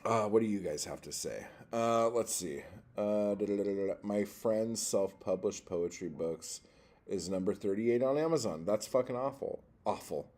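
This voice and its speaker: A man hosting a poetry livestream, ranting in a profane, exasperated way, jumping from loud outbursts to low muttering. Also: moderate pace.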